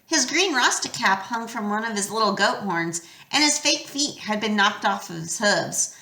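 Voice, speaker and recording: A woman narrating a storybook aloud with a lively, expressive delivery. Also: medium pitch, moderate pace. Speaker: audiobook reader. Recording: roomy echo.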